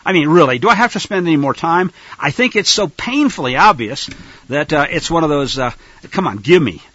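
A man preaching in an animated, rhetorical style, addressing listeners as folks, on a dull lo-fi recording. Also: on the high side, a little fast, dry recording. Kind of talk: sermon-style Bible teaching.

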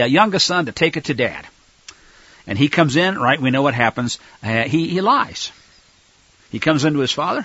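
A man teaches a Bible story with animated, swooping delivery and a somewhat husky tone. His voice sits a little high for a man and sounds dry and close. The recording is dull and lo-fi. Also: no echo. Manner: animated, voices the characters, many fillers. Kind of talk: Torah teaching with dramatized readings.

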